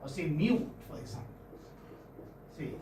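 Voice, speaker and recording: A man's voice: a little high, expressive. A man with an Indian English accent teaching phonetics in a classroom, often repeating words and checking with his students. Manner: pauses often, repeats words, checks understanding with "hmm?" and "okay?". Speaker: English professor. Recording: echoey room from far off, faint noise.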